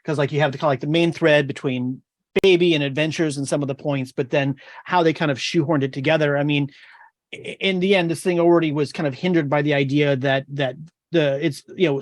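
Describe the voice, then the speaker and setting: A man's voice: on the high side, dry recording, clean studio sound. A man chatting as a guest on a film review podcast, rambling and thoughtful. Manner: rambling, thoughtful, many fillers. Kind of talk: casual chat.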